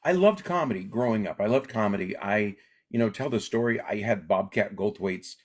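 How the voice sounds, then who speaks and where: A middle-aged man from Alaska, talking in a low, slightly husky voice as a comedian guest on a video call. He tells his stories with lively acted-out voices, keeping the casual tone of an interview chat. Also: moderate pace. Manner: animated storyteller, acts out quoted voices.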